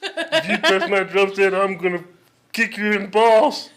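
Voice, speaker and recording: A man's voice: high-pitched, expressive, measured pace, a bit bright, pitched above the performer's own voice. A man voicing a dim-witted, nasal man who threatens anyone touching his drum set. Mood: threatening.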